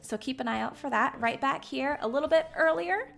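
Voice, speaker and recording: A woman from the Southern United States with a light Southern American accent, hosting a stream as game master in excitable, bubbly casual chat. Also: sits high, a little fast, creaky, soft background music. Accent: light general Southern American. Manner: bubbly, excitable, laughs often.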